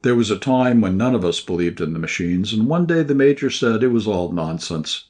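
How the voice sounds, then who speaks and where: A man reading a short story aloud in scripted first-person narration, at a measured, even pace. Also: lowish voice. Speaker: audiobook narrator.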